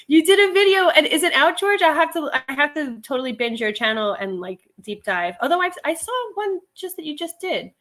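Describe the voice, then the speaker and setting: A woman's voice: high voice, sing-song, moderate pace, fairly bright tone. A middle-aged woman chatting casually on a livestream, reading viewer comments, laughing often and wandering into asides. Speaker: livestream host, reseller.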